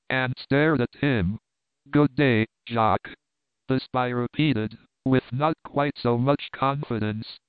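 A man narrating a classic novel in a measured, even storytelling manner. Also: mid-range voice, clean tone, dry recording. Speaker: audiobook narrator. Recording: tinny phone-like audio, dry.

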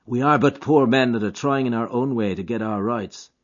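A man's voice: mid-range voice, normal speed, lightly acted. A man playing a young lover with a coaxing, earnest brogue, on a dull lo-fi recording. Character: young Irish man, smooth-talking, secretive lover.

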